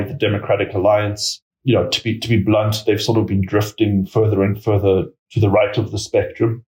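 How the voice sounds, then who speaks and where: A man giving measured expert commentary as an interview guest, hedging his points with many filler words. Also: fairly low pitch, a little mellow, echoey room, low-quality recording. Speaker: political risk analyst guest.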